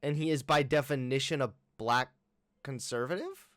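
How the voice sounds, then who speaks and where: A man's voice: mid-range voice, moderate pace, a bit bright, no room sound, studio quality. A young man hosting a reaction commentary, mocking and sarcastic, swearing freely. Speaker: commentary host. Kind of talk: reacting to a video.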